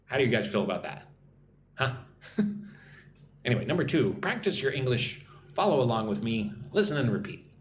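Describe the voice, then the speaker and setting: A man teaching English on a live stream, chatting as he reads out viewer comments and explaining slang with slow example sentences. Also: mid-range voice, sing-song. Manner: chatty, reads viewer comments aloud and greets them in their languages. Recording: roomy echo with faint background hum.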